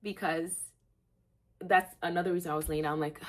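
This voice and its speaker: A woman's voice: moderate pace, noisy background. A young woman hosting a gratitude vlog, talking candidly to camera and rambling with lots of "like.". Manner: candid, rambling, heavy use of "like"; laughs at herself, swings between low and excited. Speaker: vlog host.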